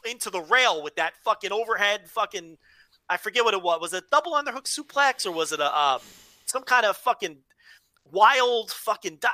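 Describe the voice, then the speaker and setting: A man from the United States co-hosting a casual podcast, animated and swearing freely with many restarts. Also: high voice, no room sound. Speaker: podcast co-host. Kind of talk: casual chat.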